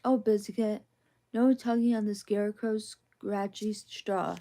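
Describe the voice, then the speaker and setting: Mellow-voiced woman reading bedtime stories. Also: mid-range voice, little pitch movement, a little slow. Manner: gentle, sing-song read-aloud rhythm. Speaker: storyteller reading bedtime picture books. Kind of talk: soft ASMR bedtime reading.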